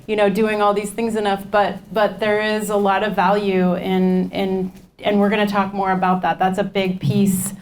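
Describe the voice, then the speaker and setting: A woman's voice: mid-range voice, monotone, normal speed. A woman leading a nutrition class, talking informally to a group and repeating their comments back to them. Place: community class room.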